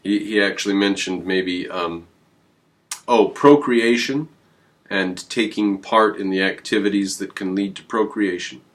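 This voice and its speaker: A man hosting his own channel, talking in a rambling, emphatic way with sudden jumps in pitch. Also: measured pace, a bit bright. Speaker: channel host. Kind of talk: casual on-camera commentary.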